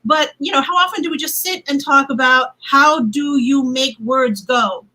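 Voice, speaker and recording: A woman's voice: high-pitched, normal speed, bright, forceful tone, soft background music, low-quality recording. A woman moderating a casual livestream panel, chatty and playful, laughing often, on a video call from home.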